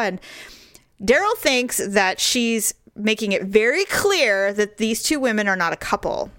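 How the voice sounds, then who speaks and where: A woman casually telling a story in chat, acting out the people she quotes in high, exaggerated voices. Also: unhurried, dry recording, clean studio sound. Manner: animated, jumps into high put-on voices when quoting people.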